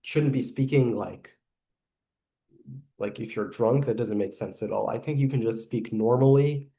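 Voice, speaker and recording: A man giving casual reaction commentary on video clips, rambling and pausing, who says saliva builds up when he talks fast. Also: mid-range voice, dark tone. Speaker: video reviewer.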